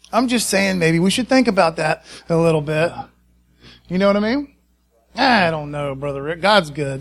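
A man preaching a sermon, excited and conversational, often calling out to the congregation for a response. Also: sits high.

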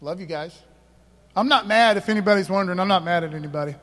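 A man's voice: high voice, fast, a bit bright, big-room sound. A man pastor preaching a sermon, emphatic, calling out to the congregation for responses.

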